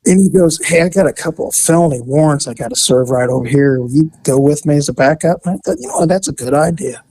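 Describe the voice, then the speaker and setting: A man and former police officer, telling a story in a casual, animated way and acting out the voices in it. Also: on the high side, fast talker, no echo. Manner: animated, acts out voices in his stories.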